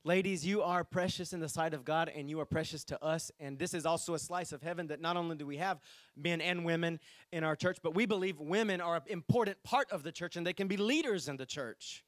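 A man's voice: on the high side, a little fast, dry recording, clean studio sound. A man preaching a sermon to his congregation, reading scripture aloud and speaking to the people directly. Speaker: pastor. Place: church sanctuary.

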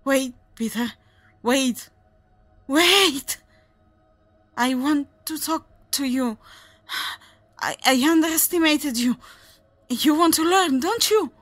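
A woman voicing a wounded male demon who begs desperately for his life in a high, loud voice. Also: slow, long pauses, faint music behind. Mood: desperate pleading. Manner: high, loud, frantic begging.

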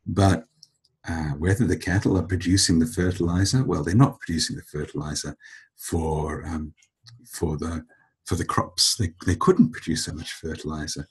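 Deep, husky-voiced male podcast host. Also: fairly even intonation, moderate pace. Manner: thoughtful, storytelling. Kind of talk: explanatory podcast talk.

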